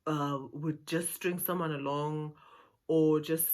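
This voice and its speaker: A woman's voice: deep voice, fairly even intonation, slow, darkish tone. A South African woman quoting a polite, honest young man in her own voice, earnest and explaining.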